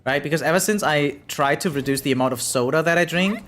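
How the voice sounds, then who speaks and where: A man's voice: on the high side, fast, fairly bright tone, slight background noise. A German man speaking English with a German accent, chatting casually with viewers while playing a game on stream. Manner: rambling, chatty, frequent "right?" tags. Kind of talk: casual live-stream chat while gaming.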